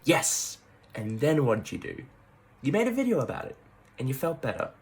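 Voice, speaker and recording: A man's voice: mid-range voice, very animated, normal speed, pitched above the performer's own voice. A man playing a blunt, teasing male alter ego of himself who talks in a dry, mocking way.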